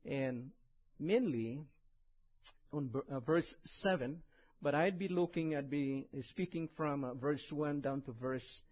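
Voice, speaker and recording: A man with a strong Indonesian accent preaching in a church, chatting and joking before he reads scripture slowly. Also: fairly high pitch, darkish tone, poor audio. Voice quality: husky, heavily accented English. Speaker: visiting preacher. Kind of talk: sermon.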